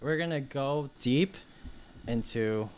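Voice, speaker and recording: A man's voice: mid-range voice, slow, slight background noise. Podcast host, male, from New Jersey; teasing, steers the chat. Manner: teasing, leads the talk. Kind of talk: casual group chat.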